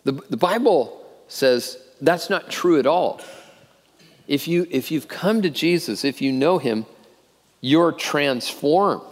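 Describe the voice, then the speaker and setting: A man's voice: a little high, expressive, slow. A middle-aged man preaching a sermon as pastor, earnest and often repeating words as he starts a phrase. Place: church auditorium. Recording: long reverb of a church hall.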